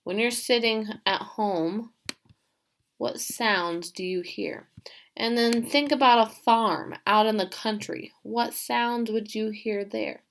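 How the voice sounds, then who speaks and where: A woman teacher giving a remote class, reading a story aloud and asking her pupils questions in an animated way. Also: a little high, slow, a little hiss or hum.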